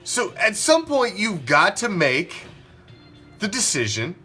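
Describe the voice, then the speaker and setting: A man's voice: high-pitched, huge pitch swings, takes it slowly, pushed and bright, faint music behind. A man hosting a sports talk show, ranting profanely and firing off rhetorical questions. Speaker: sports podcast host.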